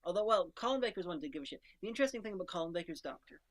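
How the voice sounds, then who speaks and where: A woman's voice: fairly low pitch, animated, racing. A woman co-hosting a podcast, chatting casually and eagerly picking apart favourite characters, with frequent restarts. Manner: enthusiastic, rambling fan analysis with restarts. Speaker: podcast co-host. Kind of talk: casual chat.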